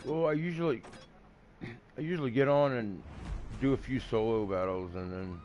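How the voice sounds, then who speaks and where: A man's voice: mid-range voice, normal speed, darkish tone, dull audio. Profane man rambling over gameplay. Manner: profane, rambling, talks to a friend. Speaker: gamer streaming naval battles. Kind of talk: casual gameplay commentary. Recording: game noise behind.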